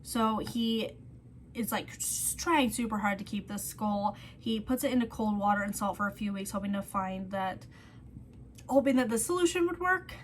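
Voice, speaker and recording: A woman's voice: medium pitch, moderate pace, slight background noise. A woman vlogger telling a true-crime story in a chatty way, full of "like", who drops to a whisper on the grim details.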